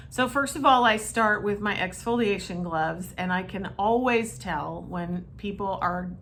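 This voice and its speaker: A woman massage therapist telling a story to camera in a chatty, animated way, talking straight to her viewers. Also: medium pitch, unhurried, slight background noise. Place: her treatment room.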